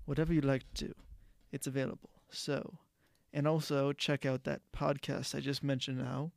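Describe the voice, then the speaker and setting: Gravelly, flat-voiced male podcast host. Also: mid-range voice, dry recording, studio quality. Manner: rambling, frequent restarts and self-corrections. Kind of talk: casual solo podcast talk.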